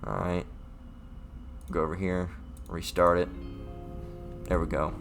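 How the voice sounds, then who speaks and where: A man giving a casual livestream Bible lesson. He rambles, repeats words and keeps adding "all right?", and he reads scripture aloud slowly and deliberately. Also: sits low, level tone, creaky, fairly bright tone, faint music behind. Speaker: online scripture teacher.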